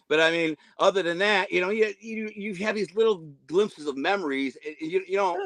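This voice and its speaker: A man around fifty, interviewed casually as a guest, tells long, rambling stories and acts out the voices of the people in them. His voice is high-pitched, a little fast and fairly bright, on a dry recording.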